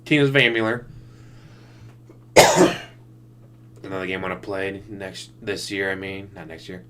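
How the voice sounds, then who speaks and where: A man's voice: low voice, fast talker, pushed and bright, a little hiss or hum. A man giving sarcastic, mocking running commentary while he watches another streamer's broadcast. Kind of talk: casual reaction commentary. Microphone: desktop USB mic.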